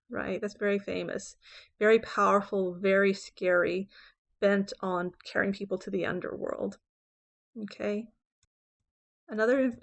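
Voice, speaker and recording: A woman English professor giving a lecture on poetry, explaining terms clearly and reading verse lines slowly and dramatically. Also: medium pitch. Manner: checks in with "okay?" and "right?".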